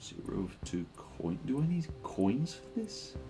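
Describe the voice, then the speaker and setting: A man's voice: medium pitch, very animated, measured pace, over music. A man streaming a game, joking and rambling with lots of fillers in casual commentary.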